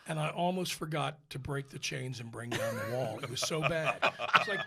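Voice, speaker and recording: A man, an opera singer, telling a funny backstage story in casual chat, animated and laughing as he goes. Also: medium pitch, moderate pace, creaky, husky.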